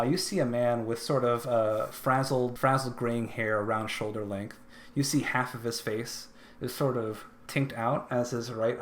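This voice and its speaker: A man narrating a tabletop game as dungeon master, descriptive and loose, with faint noise behind. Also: mid-range voice. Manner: descriptive, with filler and restarts.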